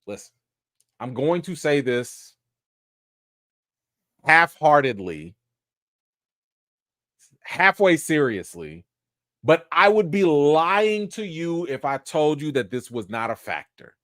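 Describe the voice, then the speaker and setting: Male livestream host of Haitian background, casual review, lively swooping pitch, dry sound. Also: slow pace, pauses often, no echo. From Haitian family. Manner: animated, playful, talks straight to viewers.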